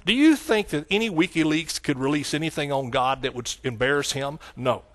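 A middle-aged man with a Texan accent preaching a sermon, exclaiming hallelujah and swinging between loud outbursts and hushed asides. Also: fairly high pitch, fairly quick.

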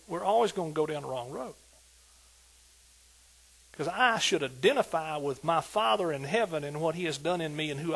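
Older male pastor, high bright husky tone, lively folksy sermon delivery. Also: low-quality recording. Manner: animated preaching, asks "are you with me?" repeatedly; colloquial, folksy storytelling.

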